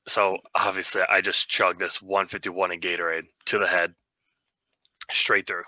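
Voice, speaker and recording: A man's voice: low voice, flat delivery, normal speed, sharp tone, no echo. A young man co-hosting a podcast, telling a rambling, self-mocking story in a casual way. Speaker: podcast co-host.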